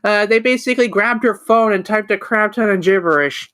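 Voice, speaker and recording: A man talks casually on a podcast, swearing freely and getting irritated quickly. His delivery is loose and conversational. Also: high-pitched, sharp tone, clear, resonant tone. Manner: swears a lot, easily irritated. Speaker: podcast co-host. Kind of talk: casual chat.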